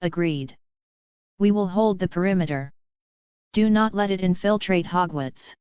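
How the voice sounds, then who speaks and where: Woman doing stern old lady professor, formal, smooth low voice. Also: measured pace, no echo, natural voice. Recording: muffled lo-fi recording.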